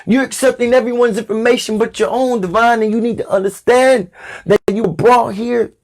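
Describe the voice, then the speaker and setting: A man's voice: extremely high pitch, steady tone, brisk. A man giving a preachy spiritual podcast monologue as a spiritual teacher, emphatic and repeating his phrases for stress. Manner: addresses listener as "Divine".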